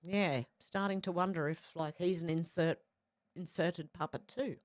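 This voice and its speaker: A woman's voice: on the low side, fairly even intonation, a little slow, no room sound, clean studio sound. A woman hosting a livestream, reading viewer comments aloud and adding short, casual reactions of her own. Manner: reads comments, then adds brief casual reactions. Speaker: livestream host.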